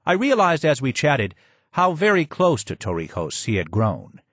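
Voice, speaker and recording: A man narrating a memoir audiobook in an expressive reading with strong emphasis. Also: a little high, normal speed, breathy edge, no room sound.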